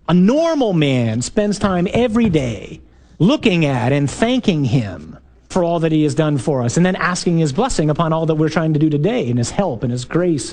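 A man, a priest, giving an emphatic, animated talk to a parish group, full of rhetorical questions and punchy repeated lines. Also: fairly high pitch.

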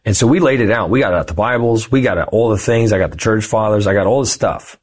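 A man in his thirties, a guest on a podcast, telling a personal story in a lively, conversational way and acting out the voices of the people in it. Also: lowish voice, fast. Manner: animated, lively storyteller who acts out quoted dialogue.

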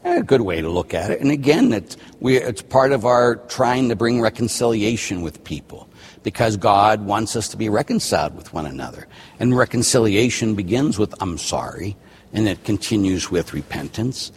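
Husky male priest guest, lively delivery, plays out little scenes, long reverb. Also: fairly low pitch, moderate pace. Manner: animated, acts out quoted dialogue. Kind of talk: casual chat.

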